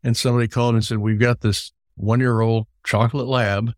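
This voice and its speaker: A man's voice: medium pitch, level tone, a little fast, no room sound, clean studio sound. A middle-aged man hosting an interview who tells long stories and repeats words as he starts his sentences. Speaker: podcast host. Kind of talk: conversational storytelling.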